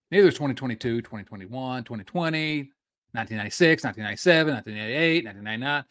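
A man co-hosting a casual sports podcast, working himself into an animated rant. His pitch swings widely from low grumbles to sudden high peaks, and he stumbles, restarts and circles back mid-sentence. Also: very fast. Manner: animated, ranting, with frequent restarts. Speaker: podcast co-host.

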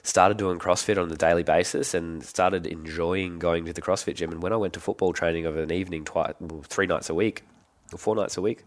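An Australian man in his thirties, a guest telling relaxed stories in casual conversation. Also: low-pitched, fairly quick. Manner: relaxed, animated when quoting others. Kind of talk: casual storytelling.

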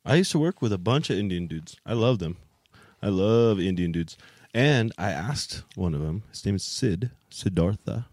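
Young guy on a podcast, really low voice, swears a lot, dry close sound. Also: expressive, moderate pace, darkish tone, no room sound. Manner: crude, swearing, laughs often. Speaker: podcast co-host. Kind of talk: casual chat.

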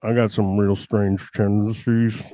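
Guy putting on a creepy killer voice, low and dragged out slow, dry close mic. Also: level tone, warm tone, no room sound, natural voice. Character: creepy soft-spoken male killer from a thriller. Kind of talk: comic impression on a podcast.

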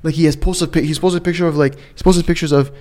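A man's voice: on the high side, quick pace. A man chatting casually as a podcast co-host, telling a story animatedly, swearing often and acting out what others said. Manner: animated storyteller, swears a lot, acts out quotes. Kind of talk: casual chat.

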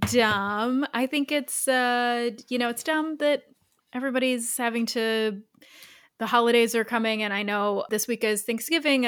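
A young woman co-hosting a casual podcast, warm and quick to laugh. Her voice sits a little high, and the recording is dry and close with no room sound. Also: dry recording. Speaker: podcast co-host.

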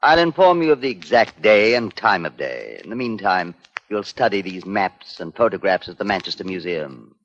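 A cold criminal mastermind from an old radio play. His voice is low and swings widely in pitch as he lays out orders in a measured, menacing way. It comes through a muffled old radio recording. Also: very animated, a little hiss or hum. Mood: scheming. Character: scheming male crime boss, cold and calculating. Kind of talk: 1940s radio acting.

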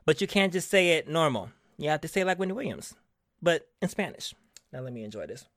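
Sassy man host, bright voice that swings all over, dry close sound. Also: a little high, sing-song, no room sound. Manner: sassy, theatrical, calls listeners honey; drawn-out, emphatic repetition. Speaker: podcast host. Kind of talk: casual chat.

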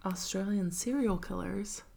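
A woman's voice: medium pitch, unhurried, gravelly, darkish tone. A young American woman co-hosting a casual film discussion, chatty and full of "like" fillers, laughing often. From United States. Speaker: podcast co-host.

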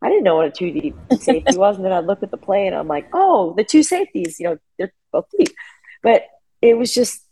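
A middle-aged woman sharing emotional personal stories as an interview guest over a remote call, animated and full of fillers. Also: medium pitch, fast talker, slightly rough, poor audio. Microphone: remote call connection.

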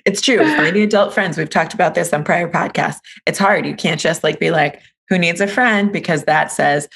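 A woman co-hosts a podcast in relaxed, playful conversation and is quick to laugh. Her voice sits low, with a husky, gravelly edge. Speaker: podcast co-host. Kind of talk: casual podcast chat.

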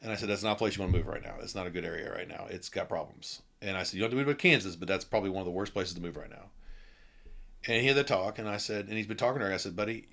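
A man's voice: low voice, racing, fairly bright tone. A man in his forties, a podcast guest, chatting candidly in a blunt, rambling way with many restarts. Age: 40s. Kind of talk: casual conversation.

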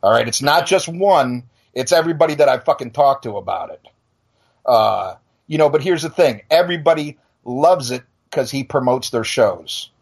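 Husky, fired-up middle-aged man. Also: medium pitch, animated, moderate pace. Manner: profane, blunt, stammers into restarts. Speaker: podcast and radio show host. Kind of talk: heated casual rant.

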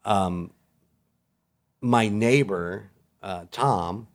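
A man's voice: lowish voice, extremely slow. A man who is a guest on a podcast, telling stories in an easygoing, laughing way. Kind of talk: casual podcast chat.

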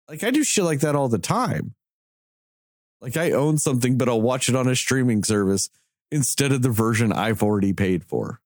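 Animated ranting man, dry close sound. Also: medium pitch, moderate pace, no room sound. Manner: animated ranting, heavy swearing. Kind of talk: casual chat.

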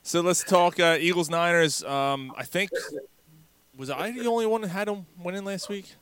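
A man's voice: high-pitched, normal speed, fairly bright tone, smooth, no echo. A man hosting a casual sports podcast, talking in a rambling way with lots of fillers and restarts. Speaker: podcast host.

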